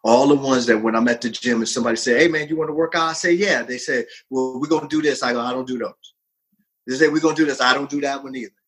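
A man in his fifties, a fitness coach, telling a personal story in a lively, casual way, jumping in pitch for emphasis and laughing often. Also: quick pace, breathy edge, poor audio. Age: 50s. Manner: animated, swings pitch widely for emphasis; frequent laughter and profanity.

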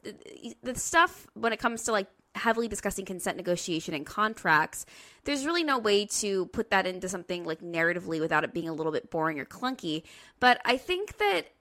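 A woman's voice: medium pitch, big pitch swings, fairly quick, bright, forceful tone. A woman co-hosting a podcast, making articulate, analytical points in casual talk. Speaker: podcast co-host. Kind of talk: casual discussion. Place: room at home with open windows.

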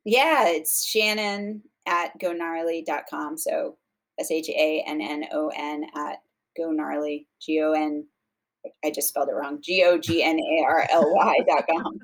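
A woman's voice: low-pitched, steady tone, measured pace. A woman guest on a podcast, explaining nutrition research in casual chat, with frequent fillers and restarts. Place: podcast studio.

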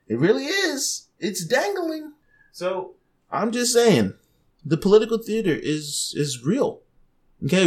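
Animated, chuckling man ranting. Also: fairly high pitch. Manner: animated, chuckling often, blunt and mildly profane. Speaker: vlogger. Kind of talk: casual opinion rant to camera.

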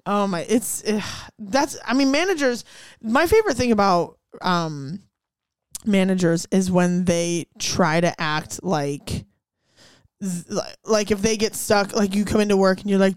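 A woman's voice: mid-range voice, unhurried, smooth, dry recording, clean studio sound. A woman in casual chat, animatedly telling a work story with profanity and quoted voices.

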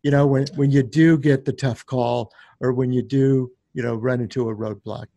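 A man's voice: medium pitch, fairly even intonation, moderate pace, gravelly, warm tone, no echo. A man hosting a casual interview, affirming and reflecting back on what his guest says. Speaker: interview host.

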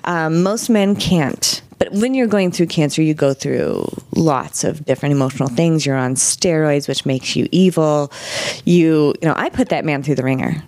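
A middle-aged woman speaks as a guest with a notably low, grounded voice. She talks frankly and with animation, slipping into quoted dialogue as she recounts what happened. The sound is close and dry, with no room around it. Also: moderate pace, darkish tone, no room sound. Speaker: interview guest. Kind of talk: candid personal storytelling.

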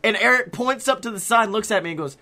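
A young man co-hosts a casual podcast, telling a long story with a bright, clear voice. He swears freely, laughs often and acts out the quotes of the people in his story. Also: sits high, quick pace. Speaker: podcast co-host.

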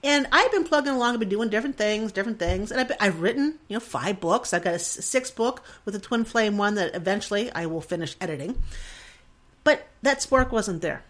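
A woman's voice: mid-range voice, lively intonation, fairly quick, fairly bright tone. Earnest woman in her forties, rambling. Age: 40s. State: emotional. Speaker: podcast host. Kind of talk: casual reflective monologue.

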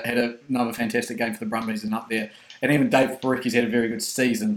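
A New Zealand man chats easily about rugby picks, halting often with ums and restarts. His voice sits at an ordinary middle pitch and rings around an echoey room. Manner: relaxed, hesitant with many ums and restarts. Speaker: podcast co-host. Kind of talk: casual rugby chat.

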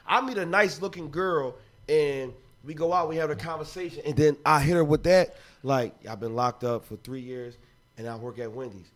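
A man in his thirties co-hosting a podcast, joking loudly and laughing often in casual chat. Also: on the high side, moderate pace. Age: 30s. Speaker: podcast co-host.

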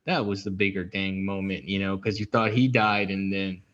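A man's voice: deep voice, flat delivery, moderate pace, a bit bright, muffled recording. A man co-hosting a casual podcast chat, rambling and correcting himself as he goes. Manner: rambling, self-correcting, apologetic. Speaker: podcast co-host.

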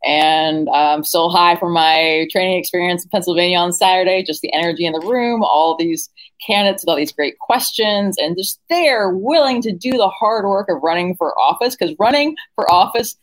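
A woman's voice: on the low side, moderate pace, poor audio. A woman guest-hosting a podcast, upbeat and enthusiastic in casual chat. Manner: upbeat, enthusiastic, laughs easily. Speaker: guest host.

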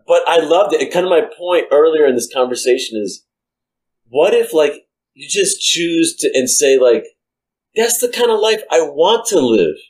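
A man's voice: mid-range voice, rough recording. A man, an entrepreneur, in a casual chat, thinking aloud and swearing casually. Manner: reflective, swears casually, many restarts.

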